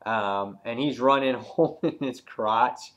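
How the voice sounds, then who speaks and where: A man reviewing a comic book in casual talk, retelling scenes excitedly with many fillers and acting out the characters' lines. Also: medium pitch, slow pace. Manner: loose and rambling, many fillers.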